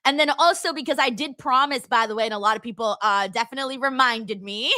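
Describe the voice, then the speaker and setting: A woman's voice: a little high, fast talker, bright, forceful tone, dry recording. A woman in her twenties hosting a casual livestream chat, bubbly and giggly, repeating words for emphasis. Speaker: livestream host reading chat.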